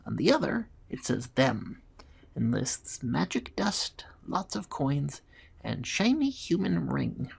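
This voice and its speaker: A man voicing a small, nervous male kobold who stammers, turns hushed when scared, and brags when proud. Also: a little high, big pitch swings, takes it slowly, creaky, husky, voice pushed up, exaggerated voice.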